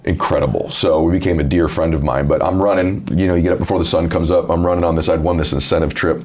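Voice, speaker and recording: A middle-aged man with a deep voice, telling personal stories candidly and earnestly in a conversation. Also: fairly even intonation, fast, darkish tone. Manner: earnest, emotional, quotes others in his own voice. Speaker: podcast host and author.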